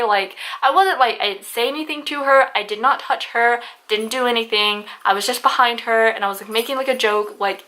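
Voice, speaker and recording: Young woman, vlogger, casual storytime, bright tone, slightly high voice, animated and chatty, swears a lot. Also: moderate pace. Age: young adult. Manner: animated, chatty, swears freely, many fillers.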